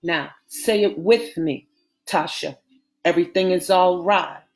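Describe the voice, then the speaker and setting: A woman's voice: fairly low pitch, unhurried, vocal fry, faint music behind. A woman reading the part of Malik, a firm, tender adult man who soothes the woman he loves. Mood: soothing.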